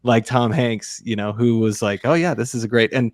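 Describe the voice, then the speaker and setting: A man's voice: mid-range voice, no room sound. Dry-sounding man on a movie podcast. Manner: enthusiastic, quick agreeing interjections. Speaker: podcast co-host. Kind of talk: casual film discussion.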